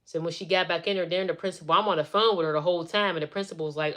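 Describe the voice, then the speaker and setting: A woman's voice: fairly low pitch, steady tone, rapid-fire, fairly bright tone. A middle-aged woman chatting on a live stream, venting as she retells family drama in a casual way.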